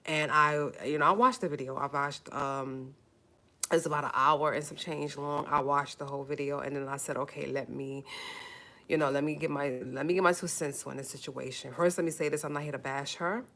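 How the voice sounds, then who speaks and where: A woman with a low voice talks straight to her livestream viewers in a casual, earnest way. She repeats phrases, pleads with her audience, and fights back tears. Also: steady tone, brisk, bright, forceful tone. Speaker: YouTube livestream host.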